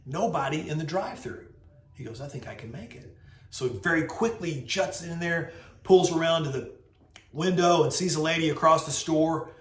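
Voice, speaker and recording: Lively storytelling man in an echoey room. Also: a little high, moderate pace. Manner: lively storyteller, acts out voices. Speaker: host. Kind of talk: casual storytelling vlog. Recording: roomy echo.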